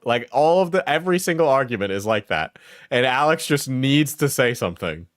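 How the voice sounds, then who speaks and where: A man's voice: on the high side, sing-song, normal speed, no echo. Man, reaction commentary, mocking and profane, laughing outbursts, dry close sound. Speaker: streamer reacting to a clip.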